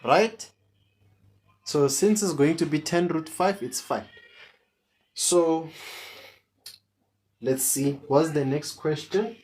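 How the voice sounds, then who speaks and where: Slow, patient maths tutor. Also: mid-range voice, a little mellow. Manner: repeats questions to draw answers from students. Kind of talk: online maths lesson.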